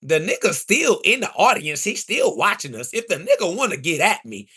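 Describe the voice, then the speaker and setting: A man, ranting loudly and profanely at his livestream chat, mocking and trash talking into a phone. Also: high-pitched, sing-song, moderate pace, breathy edge. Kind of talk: angry livestream rant.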